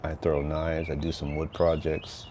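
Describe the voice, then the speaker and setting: With an extremely low pitch and a completely flat, measured delivery, an older Texan man hosts a casual livestream outside near his house, background noise audible. He rambles in a laid-back manner, often tagging on "right?"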